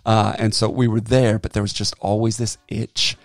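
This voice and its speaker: A man who is a pastor, telling a story on a casual podcast in an animated way and acting out the people he quotes. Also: fairly low pitch, normal speed, creaky, no echo, studio quality. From Southern California. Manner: animated storyteller, acts out quoted voices, laughs often.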